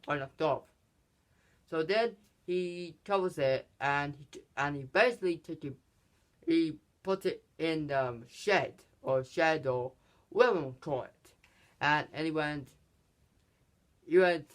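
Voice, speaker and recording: A man's voice: on the high side, unhurried, long pauses. A man hosting a casual film review, rambling through the plot with many restarts. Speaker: channel host, film reviewer.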